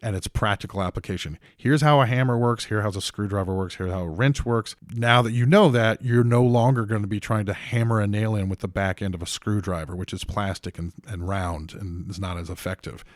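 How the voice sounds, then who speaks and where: A man talking in a casual podcast interview about improv and comedy writing. He tells stories with energy and jumps into loud, high voices when he quotes people. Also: steady tone, brisk, hardly any pauses, dry recording, clean studio sound. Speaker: improv teacher and theater co-founder.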